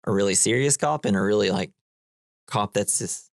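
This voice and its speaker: Podcast co-host, male, lowish voice, chatty rambling recaps, dry close sound. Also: moderate pace, vocal fry, dry recording. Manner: rambling plot recap full of "like", acting out quotes. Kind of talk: casual movie-podcast chat.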